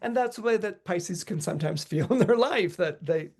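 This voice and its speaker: A middle-aged man with a high-pitched voice, an astrologer, delivers a podcast forecast at moderate speed. Chatty and relaxed, full of "you know," he spins lively stories and acts out the quotes.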